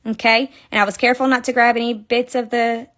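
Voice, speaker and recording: A woman's voice: fairly high pitch, level tone, quick pace, fairly bright tone. A young woman hosting a casual live crochet tutorial, chatty, counting stitches aloud and laughing often. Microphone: phone.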